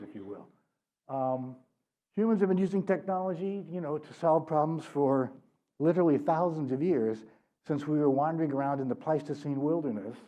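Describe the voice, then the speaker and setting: A man's voice: fairly high pitch, mellow. An older man giving a public author talk at a library, conversational and often checking in with "right?", in a slightly dull recording. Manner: conversational, keeps asking "right?". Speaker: author and speaker. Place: library event room.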